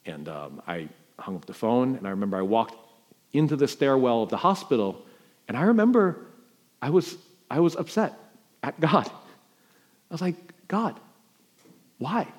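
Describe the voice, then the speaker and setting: A middle-aged man from New York preaching a sermon, telling a personal story with sharp swings between loud emphasis and hushed quiet. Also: medium pitch, sing-song, normal speed, long pauses. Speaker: pastor.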